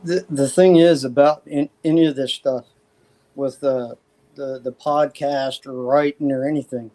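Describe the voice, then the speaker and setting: A man being interviewed as an author, speaking casually and haltingly with many fillers. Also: mid-range voice, fairly even intonation, dark tone.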